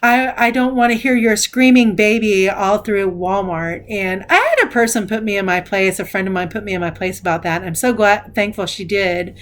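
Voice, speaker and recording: A woman's voice: medium pitch, moderate pace, few pauses. A middle-aged woman talking casually as a tarot reader, rambling and candid, swearing now and then. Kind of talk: casual spoken tarot reflection.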